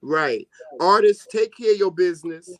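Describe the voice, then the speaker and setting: Give me a high-voiced man giving earnest advice in a dry, close recording. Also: expressive, normal speed, fairly bright tone, no echo. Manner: earnest, advising, repeating points for emphasis. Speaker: co-host. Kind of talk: casual chat.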